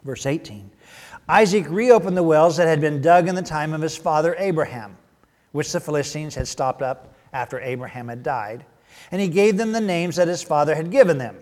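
A man's voice: on the high side, normal speed. Preacher man in a reverberant hall. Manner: animated storytelling, swinging from loud bursts to hushed asides. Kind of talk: sermon.

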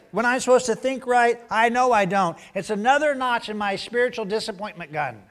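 Male preacher, fairly high voice, conversational sermon that moves from animated to hushed. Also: a little fast, hardly any pauses. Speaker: pastor.

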